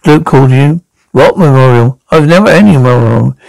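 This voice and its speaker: A man voicing a gruff female detective, Vera. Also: mid-range voice, lively intonation, brisk, a little mellow, no room sound, rough recording. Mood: accusing. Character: gruff middle-aged female police detective. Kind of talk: amateur radio drama reading.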